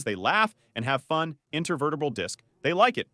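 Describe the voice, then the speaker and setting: With a slightly high voice and a fairly quick delivery, a doctor teaches viewers about the spine in a playful, energetic way, tossing out quiz questions. There's no room sound in the recording.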